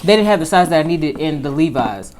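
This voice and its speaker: A woman vlogger chatting casually to her viewers in a rather low voice. She tells her story in an animated way, rising and falling in pitch and loudness as she goes. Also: fairly quick. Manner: chatty storytelling with lively swings in pitch and volume. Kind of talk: casual chat.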